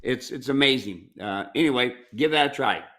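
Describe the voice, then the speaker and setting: A mule trainer talks through viewer questions in a plainspoken, folksy way, often drifting into stories from working cattle. His voice is bright and a bit tense, with ordinary pitch for a man. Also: moderate pace. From United States. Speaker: mule trainer and ranch owner. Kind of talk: casual Q&A advice talk. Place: ranch.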